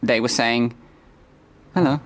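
A man playing a deadpan, hesitant man who invented a posh stage character, as a guest on a comedy radio interview. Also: mid-range voice, lightly acted. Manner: halting, deadpan, slow and hesitant.

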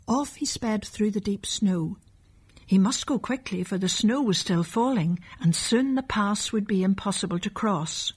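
A woman narrating a children's storybook in a gentle, measured way. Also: mid-range voice, slightly rough.

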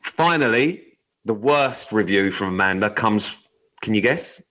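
Sweary man, low voice. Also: expressive, measured pace, sharp tone, rough recording. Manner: sweary, joking, reads news aloud. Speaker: podcast co-host. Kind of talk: casual podcast chat.

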